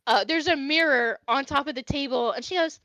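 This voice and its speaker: A woman's voice: high-pitched, brisk, sharp tone, dry recording, rough recording. A young woman narrating a tabletop game as game master, chatty with many fillers.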